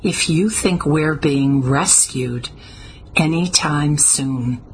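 A woman's voice: deep voice, slow, slight background noise, low-quality recording. A woman reading an audiobook, voicing a blunt, cynical, moody man who talks sharply. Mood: scoffing. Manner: sharp, scoffing. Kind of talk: audiobook character voice.

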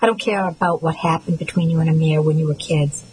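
A woman's voice: deep voice, steady tone, fast talker, darkish tone, breathy edge, poor audio. A woman reading the lines of a hurt male fiancé in an audiobook, keeping close to her own voice. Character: man, the narrator's fiancé, hurt.

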